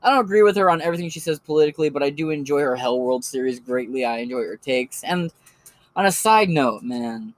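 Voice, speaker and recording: A man's voice: on the high side, expressive, fast talker, no room sound. A man doing casual solo commentary on his podcast, talking in a rambling and profane way with lots of fillers. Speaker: podcast host recommending creators.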